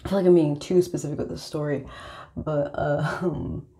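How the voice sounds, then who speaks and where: A young woman with a low, gravelly voice speaks in a casual confessional monologue. She rambles and swears freely, leaning on filler words. Her tone is mellow and dark. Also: normal speed. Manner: rambling, profane, heavy use of filler words. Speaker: vlogger.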